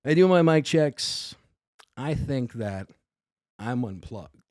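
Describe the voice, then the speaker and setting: A middle-aged comedian from Staten Island, New York, with a New York accent, tells a story as a guest in casual podcast chat, acting out both sides of the conversation. He speaks slowly with lively intonation in a medium-pitched, darkish voice, in clean studio sound with no echo.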